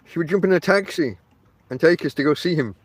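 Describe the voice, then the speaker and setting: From a tent outdoors, a Barnsley man with a Northern English accent hosts a rambling, casual podcast monologue, speaking straight to his listeners. His fairly high voice is expressive and a little fast, and the recording is dry. He's chatty and uses lots of fillers.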